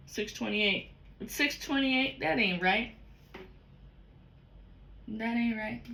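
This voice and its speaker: Brief: woman, tarot reader, crisp and forceful tone, cusses freely, talks right at the viewer. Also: mid-range voice. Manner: blunt and profane. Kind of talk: casual spiritual card reading.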